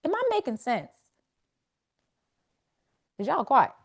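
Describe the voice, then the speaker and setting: Slow and very animated, her voice leans high. She is hosting a live faith coaching session as a wellness coach, speaking to her audience with conversational emphasis.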